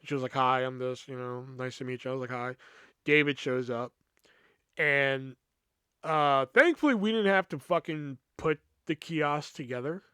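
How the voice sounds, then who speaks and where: A man's voice: mid-range voice, normal speed, pushed and bright, clean tone, no echo. A man hosting a podcast, telling a long casual story in a rambling, profane way with lots of filler words. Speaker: podcast host.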